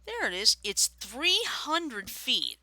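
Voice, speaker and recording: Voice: mid-range voice, sing-song, takes it slowly, bright, forceful tone, no room sound. A co-host from Alabama in casual chat on a live stream, talking things through aloud while looking them up. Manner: chatty, thinks aloud while searching. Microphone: streaming setup.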